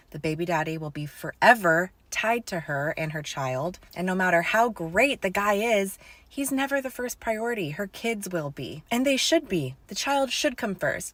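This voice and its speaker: A woman's voice: medium pitch, dry recording. A woman giving a matter-of-fact, lecturing opinion monologue.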